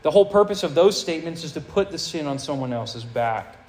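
A male pastor preaching a sermon to a high school audience, reading scripture aloud with earnest emphasis. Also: lively intonation, fairly quick, a little mellow, poor audio.

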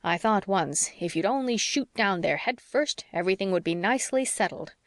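A woman reading the part of a sharp-tongued older spinster neighbour in an audiobook, blunt and scolding. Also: medium pitch, animated, moderate pace, no echo, clean studio sound, natural voice. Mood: scornful.

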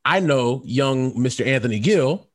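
Animated man telling stories on a podcast. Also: unhurried. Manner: animated storyteller, jumps into high squeals and laughs. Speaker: podcast co-host. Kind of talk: casual podcast banter.

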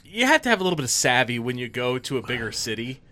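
A man telling stories in casual podcast chat, profane and animated. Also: medium pitch, fast. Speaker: podcast co-host. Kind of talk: casual storytelling.

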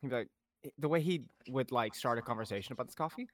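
A young man co-hosting a podcast, telling stories in a casual, animated way, swearing often and acting out what people said. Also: medium pitch, quick pace, dry recording, studio quality. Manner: animated storyteller, swears a lot, acts out quotes. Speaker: podcast co-host. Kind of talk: casual chat.

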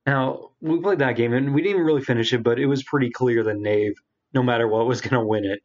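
Guy cohosting a gaming podcast, rambles through stories, mid pitch, kinda muffled. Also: fast talker. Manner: rambling storyteller, acts out game characters in quotes. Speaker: podcast co-host. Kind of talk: casual gaming podcast chat. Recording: dull lo-fi sound.

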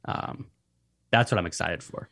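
A man's voice: moderate pace, pushed and bright, no room sound, clean studio sound. Rambling young man, podcast guest. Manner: loose and rambling, with many fillers and the odd swear word. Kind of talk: casual podcast conversation.

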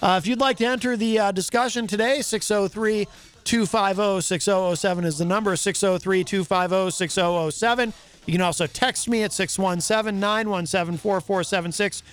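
A man's voice: high voice, steady tone, fairly quick, a bit bright, smooth. A man hosting a casual talk radio show, chatty and wry, often stumbling into fillers.

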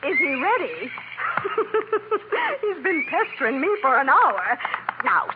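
A woman's voice: high-pitched, sing-song, exaggerated voice. An older woman playing a busy, motherly Mrs. Claus who fusses and bustles in a 1940s radio drama. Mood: fussing. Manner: fussing, warm-hearted, brisk. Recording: noisy tinny old radio recording.

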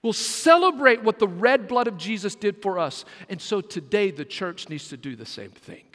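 A man's voice: high voice, animated, moderate pace, a bit bright, big-room sound. A man, a senior pastor, preaching a sermon with emphatic delivery and asides that call on the congregation. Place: church sanctuary.

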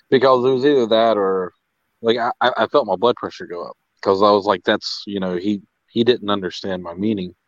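Man, very low voice, loose podcast chat full of restarts, dry muffled line. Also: dry recording. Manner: rambling, many restarts and fillers. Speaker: podcast co-host. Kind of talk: casual chat. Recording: dull, lo-fi sound.

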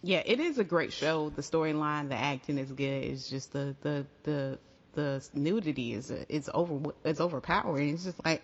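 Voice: mid-range voice, normal speed. A podcast co-host chatting casually with a dry, sarcastic, teasing edge. The sound is dull and lo-fi. A long reverb trails behind every phrase. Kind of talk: casual chat.

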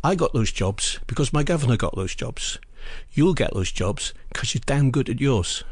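Blunt Cockney rigger, matter-of-fact and slow, a man doing him. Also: mid-range voice, expressive, husky, no room sound, studio quality, voice pushed up. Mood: reassuring.

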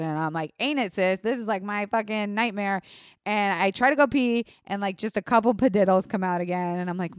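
Animated, profane young woman telling a story. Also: fairly low pitch, dry recording, studio quality. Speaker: vlog host. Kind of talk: casual storytelling.

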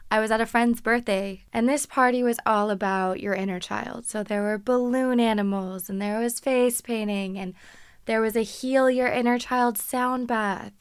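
Podcast host, woman, animated sarcastic storyteller, higher voice, smooth and crisp, dry close mic. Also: normal speed, dry recording. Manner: animated, sarcastic, laughs often, acts out quotes. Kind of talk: casual storytelling monologue.

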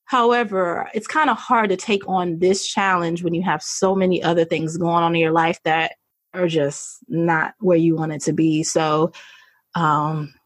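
A woman's voice: on the low side, fairly even intonation, unhurried, dry recording. A woman guest candidly telling a personal story, chatty, laughing often and acting out what people said. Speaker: podcast guest.

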